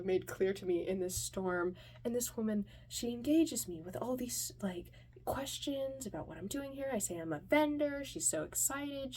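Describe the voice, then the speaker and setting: A woman's voice: mid-range voice, darkish tone, slightly rough. A woman telling a comic personal story in an anxious, self-mocking way, often dropping into whispered asides.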